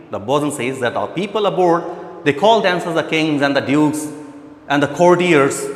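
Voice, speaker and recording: A man's voice: fairly high pitch, animated, moderate pace. A man teaching a play line by line, restating each point in simpler words. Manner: repeats and rephrases each point. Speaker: English literature teacher. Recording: echoey room with long reverb.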